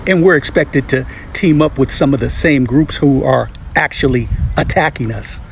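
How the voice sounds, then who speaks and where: A man's voice: mid-range voice, normal speed, gravelly, very noisy. A man telling a true story in a matter-of-fact, pointed way. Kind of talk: storytelling monologue.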